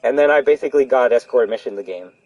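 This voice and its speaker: A young man streaming a horror game, rambling casually to chat with animated, profane commentary. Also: mid-range voice, quick pace, no echo. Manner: rambling, animated, swears freely. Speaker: gaming streamer.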